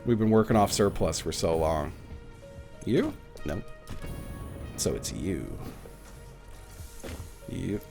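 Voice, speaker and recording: A man's voice: low-pitched, big pitch swings, takes it slowly, vocal fry, pauses often, over music. A man streaming a game live, chatting casually and animatedly with his viewers, swearing now and then. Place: at home.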